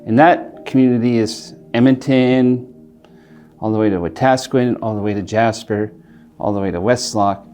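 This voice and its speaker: Earnest low-voiced man. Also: steady tone, mellow, faint music behind. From Alberta, Canada. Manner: earnest, reflective, halting with restarts. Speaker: interviewee, community leader. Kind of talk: personal storytelling interview.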